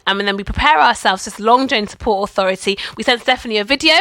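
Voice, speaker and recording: Podcast co-host: young woman, bright and dry-sounding, animated storyteller. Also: medium pitch, fast talker, no echo. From Britain. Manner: animated storyteller, acts out voices. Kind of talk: casual chat, storytelling.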